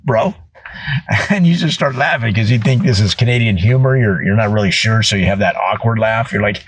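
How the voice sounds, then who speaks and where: Comic monologist, male, husky, slightly high voice, animated storyteller. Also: low-quality recording. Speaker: comedian. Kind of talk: comedic monologue.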